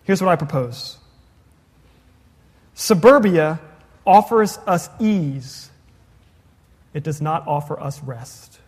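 High-voiced pastor, hall reverb. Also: male voice, lively intonation, a little mellow, breathy edge. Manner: conversational, asks the congregation questions, quick jokey asides. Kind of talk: sermon. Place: church sanctuary.

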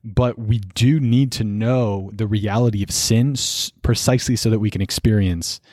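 Young male seminarian, low voice, earnest explainer, dry close mic. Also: fairly even intonation, moderate pace, dry recording. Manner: earnest, explanatory, gently preachy. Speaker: podcast co-host, seminarian. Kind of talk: casual faith discussion.

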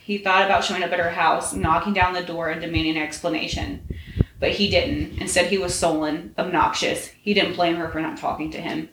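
A woman's voice: lowish voice, fairly even intonation, fairly quick. Woman reading a story in an echoey room. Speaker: podcast host. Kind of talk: reading fan fiction aloud. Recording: roomy echo, faint noise.

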